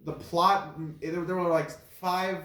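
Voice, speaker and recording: A man with a somewhat high voice chats casually, rambling through his opinions with plenty of fillers and restarts. He sounds like he is in a bare, echoey room. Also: steady tone, measured pace. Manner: rambling, filler-heavy, bursts into loud incredulous laughter. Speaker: co-host ranking films. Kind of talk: casual chat.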